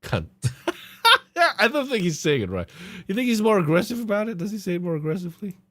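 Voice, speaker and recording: A man hosting a podcast, ranting casually with profane, animated outbursts. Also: high-pitched, fast talker, no room sound. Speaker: podcast host.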